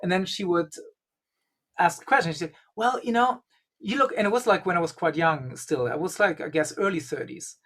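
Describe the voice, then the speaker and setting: A man's voice: on the high side, fairly quick, fairly bright tone. Rambling man telling a story. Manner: rambling, leans heavily on 'you know' and 'um'. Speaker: podcast guest, Gnostic bishop. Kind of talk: conversational storytelling.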